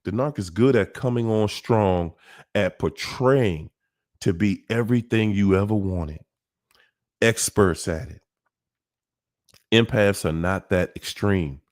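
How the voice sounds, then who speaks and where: A man's voice: fairly low pitch, takes it slowly, pauses often, a little mellow. A man hosting a livestream, talking to viewers in a repetitive, emphatic, preachy way. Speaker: livestream host. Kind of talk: casual livestream talk.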